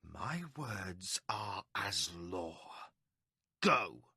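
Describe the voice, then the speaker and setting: A man voicing a young male magician who shouts his commands with defiant, controlled rage. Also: medium pitch, animated, normal speed, dry recording, clean studio sound, lightly acted. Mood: cold defiance.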